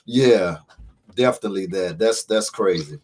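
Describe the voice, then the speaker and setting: A man's voice: low-pitched, normal speed, a little mellow, a little hiss or hum, rough recording. A man hosting a casual radio interview, laid-back and often chiming in with short replies. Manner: laid-back, frequent backchannels. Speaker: radio show host.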